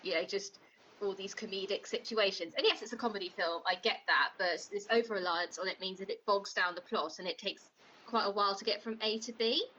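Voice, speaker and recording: A woman co-hosting a comedic podcast as the prosecutor, critiquing a film in an opinionated, sharp-tongued way. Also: medium pitch, a little fast, dull audio, slight background noise.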